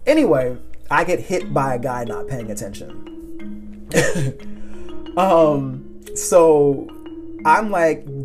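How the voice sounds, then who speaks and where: A man hosting a podcast, telling a personal story in a rambling, animated way, often laughing and acting out what people said. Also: a little high, a little slow, soft background music. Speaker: podcast host. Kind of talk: casual storytelling monologue.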